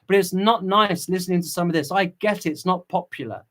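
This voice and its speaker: Man hosting a livestream, fervent and preachy between chat readings, pitched a touch high. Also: fairly quick. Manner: impassioned and preachy, with restarts. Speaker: channel host.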